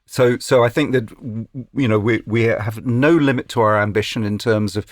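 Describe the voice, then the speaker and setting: Male exec guest, measured and hesitant, mid pitch, dry close recording. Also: steady tone, no room sound. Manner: hesitant restarts, thoughtful. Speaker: music industry executive, podcast guest. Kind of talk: casual interview talk.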